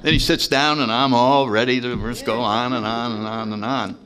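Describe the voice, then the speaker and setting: A man speaking at a recovery meeting, telling stories in an animated way and acting out voices. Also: mid-range voice, moderate pace, crowd noise. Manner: animated, acts out voices, laughs often. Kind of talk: recovery talk storytelling.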